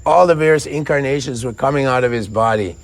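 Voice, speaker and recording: A man giving a devotional lecture as a storytelling preacher. He is animated and often repeats himself. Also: mid-range voice, quick pace.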